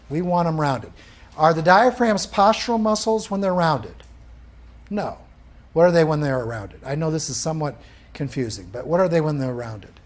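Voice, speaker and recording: Male instructor teaching a live class, lively pitch, keeps asking the room questions. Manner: quizzing the class with questions, animated.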